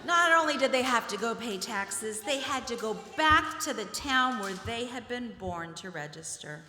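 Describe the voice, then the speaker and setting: A woman leading a children's pageant, telling the story in an animated way and directing the children as she goes. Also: on the high side, normal speed. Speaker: religious education leader narrating a pageant. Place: church sanctuary. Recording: reverberant church hall with music. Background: music.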